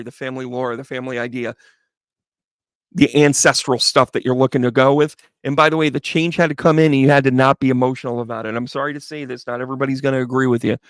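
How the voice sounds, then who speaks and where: A man's voice: mid-range voice, a bit bright, dry recording, clean studio sound. A man giving a chatty, upbeat live tarot reading, talking straight to viewers by name. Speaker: tarot reader.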